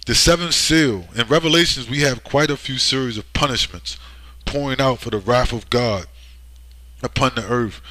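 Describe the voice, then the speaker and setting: A man's voice: mid-range voice, moderate pace, sharp tone, no room sound. A man delivering a preachy vlog monologue with emphasis, often asking "right?" as he speaks. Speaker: online commentator.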